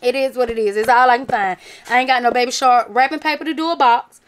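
A woman's voice: a little high, steady tone, fast talker, smooth. A woman, chatting casually to her viewers about a craft and gift-basket haul, emphatic and talkative. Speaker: vlogger showing a craft haul. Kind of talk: casual chat to camera.

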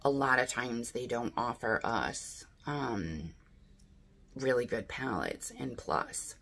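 A woman's voice: extremely low pitch, lively intonation, slow pace, creaky, a bit bright, a little hiss or hum. A woman chatting casually through a beauty box unboxing, thinking aloud and asking her viewers what she should do. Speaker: beauty vlogger.

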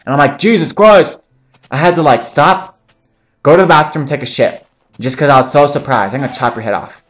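A man's voice: mid-range voice, fast talker, a bit bright. A young man giving casual, joking commentary over his own gameplay, rambling between topics and swearing often. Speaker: gaming channel host.

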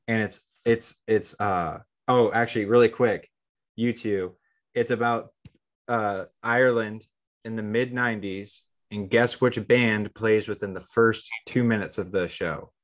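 Man, podcast co-host, casual chat, fairly low voice, rambling, lots of "like", restarts sentences. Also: steady tone, a little slow. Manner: rambling, heavy use of "like".

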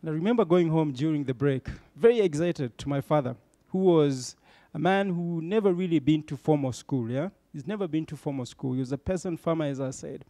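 Man, gravelly storytelling speaker. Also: a little high, brisk, few pauses, warm tone, no room sound. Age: middle-aged. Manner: checks in with listeners with tag questions. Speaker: bank executive speaking to young leaders. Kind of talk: motivational storytelling talk.

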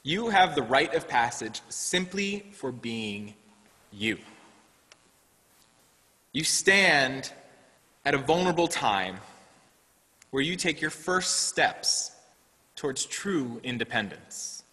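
A man delivers a sermon at an unhurried, measured pace, and his tone is bright and forward. He tells a story in an earnest, deliberate way, pausing often. His voice rings out with a long reverb, as if he is in a large hall. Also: medium pitch, lively intonation. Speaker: director of lifespan faith development.

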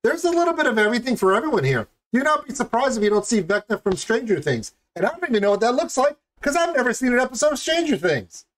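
A man chats through his reaction to a music video with a rambling, jokey energy. His pitch jumps up and down a lot, and he keeps laughing at his own tangents. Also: big pitch swings, fast talker, few pauses, fairly bright tone. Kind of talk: casual reaction commentary.

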